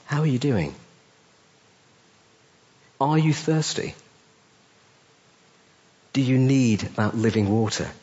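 A male pastor delivers a sermon, his pitch climbing on rhetorical questions and sinking low on the key phrases. His voice sits in a middle register. The church recording is slightly dull and lo-fi. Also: lively intonation, takes it slowly, long pauses, warm tone. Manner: emphatic preaching, rising on questions and dropping low on key phrases.

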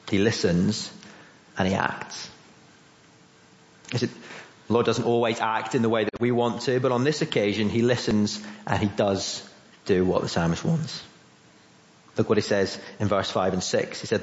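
A man's voice: lowish voice, fairly even intonation, unhurried, pauses often. British man preaching in a roomy church. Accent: British English. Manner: earnest, conversational, asks the listeners questions. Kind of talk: sermon. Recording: roomy, dull church audio.

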